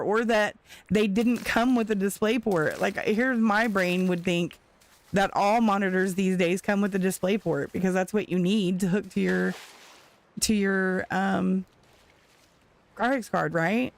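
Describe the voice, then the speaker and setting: This female streamer tells her viewers an animated story mid-game, laughing often in a casual chat. She has a mid-range voice with vocal fry and speaks at a measured pace.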